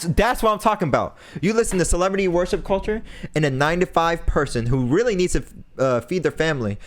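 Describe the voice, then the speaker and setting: A young man hosting a podcast, delivering an impassioned, preachy rant and repeating phrases for emphasis. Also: high-pitched. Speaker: podcast host.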